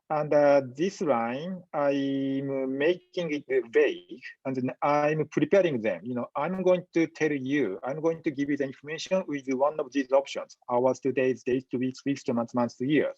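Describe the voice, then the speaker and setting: Halting male medical lecturer, dull audio. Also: mid-range voice, a little mellow, no echo. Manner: halting, measured, frequent pauses and fillers. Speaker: physician lecturer.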